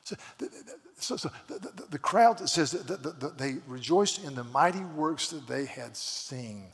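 Stammering preacher in a reverberant hall. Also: male voice, on the high side, lively intonation, moderate pace. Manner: storytelling with frequent stammered restarts, acting out quoted voices. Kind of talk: sermon.

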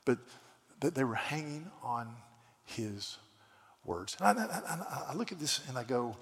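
A man's voice: medium pitch, big pitch swings, a little slow, fairly bright tone. A man preaching a sermon, retelling scripture stories with many stammered restarts and quoted voices. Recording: long hall reverb.

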